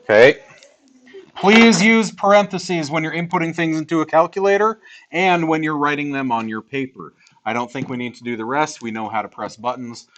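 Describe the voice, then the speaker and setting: A man's voice: on the high side, moderate pace, fairly bright tone. A man teaching a math class in a classroom, talking casually and chatty as he explains. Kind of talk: classroom lecture.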